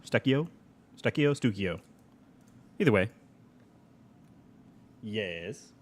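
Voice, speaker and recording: A man's voice: medium pitch, a little mellow. A young adult man streaming a game live, chatting casually, reading chat aloud and laughing often.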